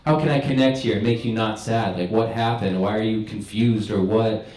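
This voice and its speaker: A man's voice: on the low side, normal speed, darkish tone, reverberant, low-quality recording. A young man doing a stand-up set in a comedy club, telling stories in a laid-back, rambling way. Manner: laid-back stoner storytelling.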